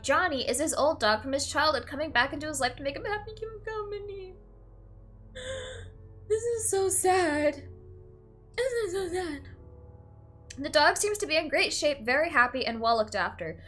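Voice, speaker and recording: High bright young woman streamer. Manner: emotional, swings from flat to teary and laughing; uses "like" and "literally" often. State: tearful at times. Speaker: let's play streamer. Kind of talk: reading game text aloud and reacting.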